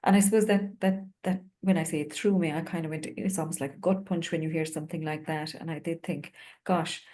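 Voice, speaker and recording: A woman's voice: low-pitched, steady tone, quick pace, warm tone. An Irish woman working as a home visitor, telling a work story in an earnest, reflective way with many fillers. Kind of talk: panel discussion storytelling.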